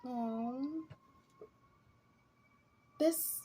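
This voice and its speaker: Woman tarot reader, slow musing delivery, somewhat high pitch. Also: warm tone, slight background noise. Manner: slow, musing and chatty, breaks into laughs. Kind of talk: tarot reading.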